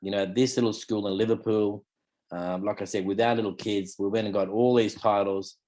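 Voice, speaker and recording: An Australian martial arts teacher in his fifties chats casually in an interview, rambling and leaning on fillers like "you know" and "mate." His voice is lowish and darkish, with fairly even intonation and a slightly fast pace.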